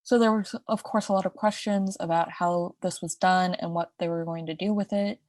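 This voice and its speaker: A woman's voice: fairly low pitch, steady tone, moderate pace, a little mellow, no room sound, studio quality. A young woman co-hosting a podcast, telling a crime story in a casual, chatty way with asides and restarts. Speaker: podcast co-host.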